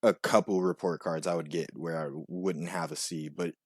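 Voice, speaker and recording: A young man telling a rambling personal story, full of "like" and "you know", now and then acting out quoted voices much higher. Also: fairly even intonation, normal speed, breathy edge, no room sound, studio quality. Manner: rambling, filler-heavy with frequent "like" and "you know". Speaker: vlogger. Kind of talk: casual storytelling monologue.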